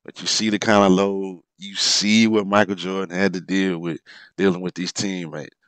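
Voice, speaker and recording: A man's voice: low voice, level tone, moderate pace, a bit bright, clear, resonant tone, no echo. A man commenting on old basketball game footage, talking informally with frequent exclamations and laughs at mistakes. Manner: informal, drops verb endings. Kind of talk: excited play-by-play commentary over a replay.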